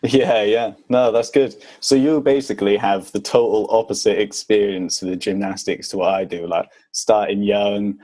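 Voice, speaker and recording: A man's voice: on the low side, fairly even intonation, normal speed, few pauses, warm tone. A British man from the UK hosting a fitness podcast in a casual, chatty way, with lots of fillers. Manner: chatty, laid-back, with many fillers. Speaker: podcast host.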